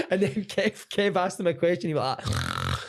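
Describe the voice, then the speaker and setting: A man, a podcast guest, telling stories in lively, sweary casual chat. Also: a little high, a little slow, creaky.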